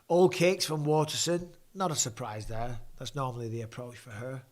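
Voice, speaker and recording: A man's voice: medium pitch, moderate pace, darkish tone. A man in his forties with an English accent, casually commentating a fight and chatting with viewers on a home live stream, swearing freely. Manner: blokey, swears casually, reads viewer questions. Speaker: host.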